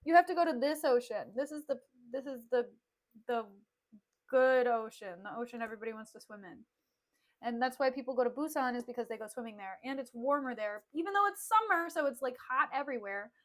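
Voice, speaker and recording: A woman's voice: high voice, animated, a little fast. A woman streamer chatting casually on a desk mic, filling her talk with "like" and laughing often. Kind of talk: casual livestream chat and play recap.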